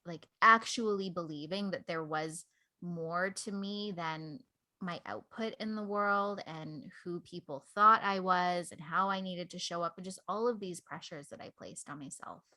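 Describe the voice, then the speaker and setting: A woman with a bright, forceful voice, sitting slightly low in pitch. She talks through a personal story in a relaxed, candid way, scattering "like" through her sentences. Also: unhurried. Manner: candid, reflective storytelling with many "like" fillers. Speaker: podcast guest. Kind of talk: casual conversation.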